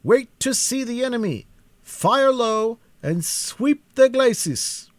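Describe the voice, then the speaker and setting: A man voicing an aged, grieving Scottish army commander who shouts his orders with anguish, in a Scottish accent, in a storybook reading. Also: sits high, slow, no echo, voice pushed up. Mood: commanding.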